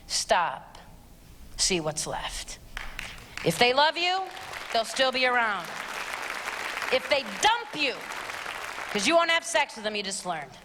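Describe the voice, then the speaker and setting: A woman's voice: fairly high pitch, a bit bright. A woman giving an emphatic, direct live talk to a youth audience in a large church hall. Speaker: abstinence speaker. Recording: long hall reverb, faint crowd.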